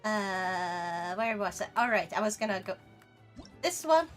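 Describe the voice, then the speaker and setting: A woman's voice: mid-range voice, animated, soft background music. A young woman with a Swedish accent, chatting playfully with her viewers while streaming a game. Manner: playful, bantering with chat, quick laughs. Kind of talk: casual gaming stream chat.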